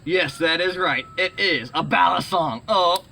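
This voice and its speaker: A middle-aged man rambling excitedly in a casual vlog, full of fillers and restarts, saying he is sweating. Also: high voice, a little slow, gravelly, slight background noise. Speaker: vlogger.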